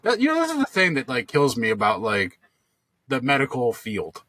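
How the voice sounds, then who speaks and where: A man's voice: mid-range voice, huge pitch swings, normal speed, pushed and bright, no echo. A man co-hosting a podcast, telling a long story in casual chat, rambling with lots of fillers and restarts. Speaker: podcast co-host.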